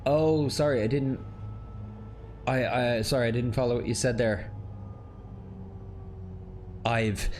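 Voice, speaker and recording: A man's voice: mid-range voice, steady tone, slow pace, long pauses, darkish tone, slight background noise. Guy livestreaming a racing game, chatting with chat, says sorry a lot. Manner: chatty, apologetic, answers viewer chat aloud. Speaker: sim racing streamer.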